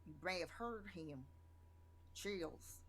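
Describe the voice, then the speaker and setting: A woman's voice: fairly low pitch, expressive, slow pace, a crowd in the background. Boastful woman playing her character. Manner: bold, boastful and emphatic. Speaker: player. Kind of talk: in-character role-play.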